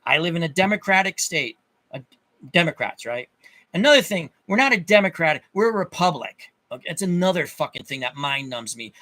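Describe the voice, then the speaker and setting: A man's voice: fairly high pitch, very animated, fairly quick, bright, forceful tone. A man ranting to his viewers in an angry, profane monologue, often repeating himself and restarting his sentences. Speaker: channel host.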